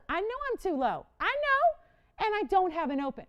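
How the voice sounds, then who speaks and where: A woman hosting a live jewelry auction on TV, chatty and animated, playfully dramatic as she talks to callers and crew. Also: very high voice, moderate pace, muffled recording. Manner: dramatic, playful self-mocking. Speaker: live shopping host. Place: TV studio.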